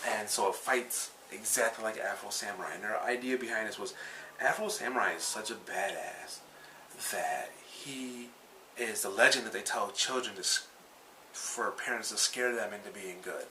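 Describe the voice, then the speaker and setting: A man with a lowish but bright, forceful voice recaps anime episodes in a loose, rambling way. He swears freely and backtracks to fix his own details. He sits a bit back from the mic, and faint noise hums underneath. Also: normal speed. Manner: rambling and profane, with many fillers and self-corrections. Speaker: anime reviewer. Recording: slightly distant mic with faint background noise.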